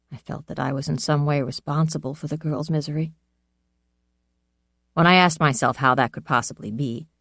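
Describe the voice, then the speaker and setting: An audiobook narrator reading a first-person fantasy novel in a measured, even storytelling manner. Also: mid-range voice, no echo, clean studio sound.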